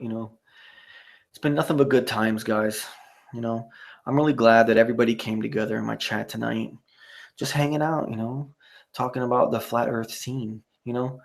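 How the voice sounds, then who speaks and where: A man's voice: medium pitch, gravelly, a little mellow. A man hosting a live stream, reading out chat messages and signing off in a rambling, profane way with many fillers.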